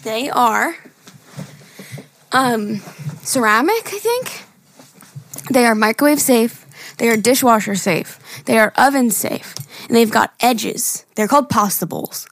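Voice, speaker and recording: A woman's voice: on the high side, expressive, takes it slowly, long pauses, a bit bright. A young woman co-hosting a podcast, talking casually with lots of laughs and eager detail. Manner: chatty, giggly, enthusiastic. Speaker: podcast co-host. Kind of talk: casual chat.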